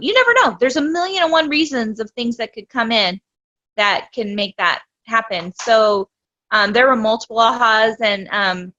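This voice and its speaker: A woman's voice: a little high, pushed and bright. An enthusiastic woman on a video call, giving a motivational talk in a casual way. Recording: dull, lo-fi video call audio.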